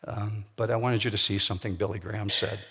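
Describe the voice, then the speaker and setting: A man's voice: on the low side, fairly even intonation, quick pace, bright, forceful tone, breathy edge. A man preaching a sermon as pastor, blunt and emphatic in a conversational way. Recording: long hall reverb.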